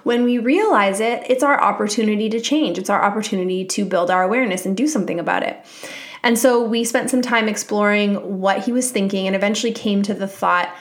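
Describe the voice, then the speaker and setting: A woman in her thirties hosting a solo podcast, calmly explaining and encouraging her listeners as a mindset coach. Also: mid-range voice, fast talker.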